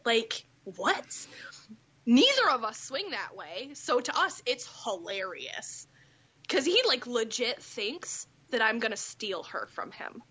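A woman in her thirties telling stories in casual chat, animated and swearing freely with big laughs, on muffled audio. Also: on the high side, unhurried, slightly rough.

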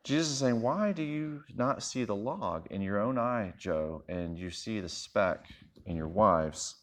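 A man's voice: lowish voice, lively intonation, measured pace. Man preaching a chatty, humorous sermon. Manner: conversational, self-deprecating storytelling. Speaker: pastor.

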